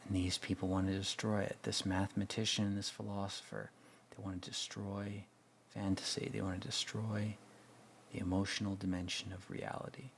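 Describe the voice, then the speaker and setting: A man's voice: low voice, flat delivery, normal speed, a little hiss or hum. A man hosting a film commentary, talking reflectively and often sinking to a near whisper. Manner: reflective, retells scenes with acted-out quotes, often drops to a near whisper. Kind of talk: casual film commentary monologue.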